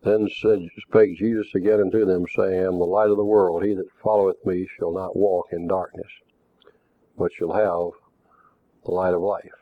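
Deep-voiced man teaching scripture. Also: little pitch movement, no echo. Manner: measured, reads scripture aloud. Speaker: preacher. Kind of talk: Bible teaching. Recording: tinny phone-like recording.

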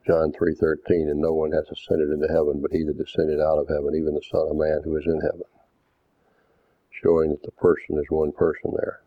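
A man with a very deep, flat voice preaches a doctrinal sermon, reading scripture verses aloud in a deliberate, didactic way. The recording sounds tinny and phone-like, dry with no room sound.

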